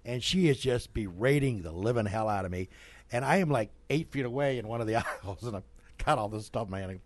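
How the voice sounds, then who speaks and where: A middle-aged man hosting a local radio show, telling a story in a studio with lively asides and laughs. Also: mid-range voice, a little fast, no room sound. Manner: animated storyteller, laughs mid-sentence. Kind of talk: casual storytelling and sponsor reads.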